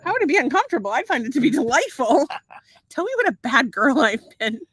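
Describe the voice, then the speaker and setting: A middle-aged woman cohosting a late-night chat, her bright, high-set voice swinging widely as she laughs and swears through bawdy stories. The sound is dry and close to the mic. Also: big pitch swings, a little fast, slightly rough, no echo. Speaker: podcast co-host. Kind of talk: casual chat.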